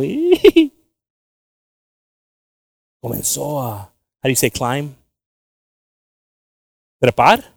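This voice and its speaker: A man's voice: mid-range voice, vocal fry, no room sound. A man preaching a bilingual sermon, switching between Spanish and English with joking asides.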